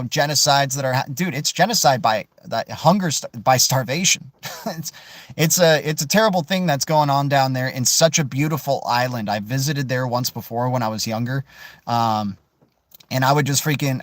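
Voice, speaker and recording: A man hosting a casual crypto livestream, answering viewer questions in an animated, emphatic way and tossing in "dude" and "man". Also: mid-range voice, no room sound. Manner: animated, peppers speech with "right?", "dude" and "man"; emphatic, swears mildly for emphasis.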